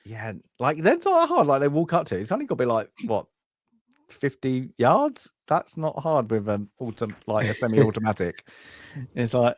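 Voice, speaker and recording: A man's voice: mid-range voice, lively intonation, moderate pace, no echo. Guy rambling about a war movie, acts out the lines, dry close mic. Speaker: podcast co-host. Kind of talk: casual film review chat. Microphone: home podcast mic on a live stream.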